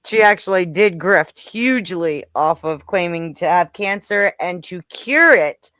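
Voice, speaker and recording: Streamer chatting with chat between clips, smooth clear voice, dry mic. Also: mid-range voice, expressive, bright, forceful tone, dry recording. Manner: chatty, talks to the chat, quick asides. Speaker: streamer host. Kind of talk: casual live stream chat.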